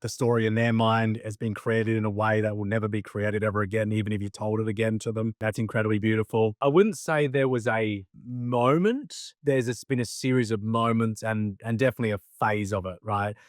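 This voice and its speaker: A man's voice: on the low side, steady tone, a little fast, hardly any pauses, no room sound, clean studio sound. A young adult man, a speaker and coach, talking as a podcast guest in a reflective, earnest way and often restarting his phrases. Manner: reflective, earnest, repeats himself while thinking. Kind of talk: conversational interview.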